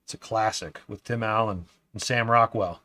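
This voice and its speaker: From his desk, a man hosts a relaxed live stream, reading viewer comments aloud, often calling people "man," and sometimes trailing into a quiet mutter as he builds. His voice is lowish and fairly even, at a moderate pace.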